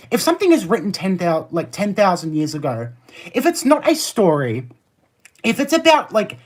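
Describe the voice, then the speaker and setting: Husky, lively streamer ranting at chat. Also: medium pitch. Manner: argumentative, fast rants with many "like" fillers; laughs often, easily amused. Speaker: live streamer. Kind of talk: live stream chat, reacting to viewer messages.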